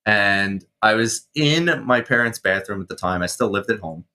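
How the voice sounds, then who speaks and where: A man in his thirties, a guest on an interview show, telling his story casually with swearing and animated reenactments of his past self. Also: lowish voice, moderate pace. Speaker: guest, mindset coach and firefighter.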